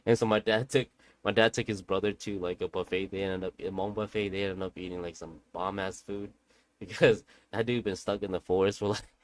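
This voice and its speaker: Casting note: male game streamer, lowish voice, loose and slangy, talks right to chat. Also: steady tone, brisk, no room sound. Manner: loose, rambling, talks straight to viewers with slang and swearing. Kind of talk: casual storytelling during a game stream.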